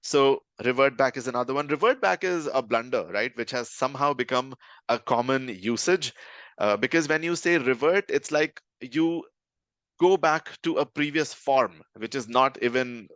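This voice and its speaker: A man leads a live online lesson in a steady, middle-pitched voice. He talks conversationally and keeps checking in with his listeners. The recording is dry and close, with no room sound. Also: normal speed, no room sound. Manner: conversational, checks in with "right?" often. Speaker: communication trainer.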